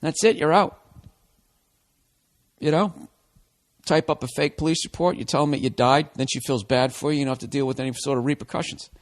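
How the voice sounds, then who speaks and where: A blunt male podcast host in a loose, swear-filled rant. He pitches a little high and keeps riffing off his own jokes. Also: fairly quick, long pauses. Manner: blunt, swears constantly, riffs. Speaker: podcast host giving advice. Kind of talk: casual profane rant.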